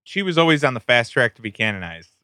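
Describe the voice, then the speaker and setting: Brief: male co-host, bright crisp voice, dry close sound, profane and sardonic. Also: medium pitch, sing-song, quick pace, no echo. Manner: profane, mocking. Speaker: podcast co-host. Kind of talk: casual podcast chat.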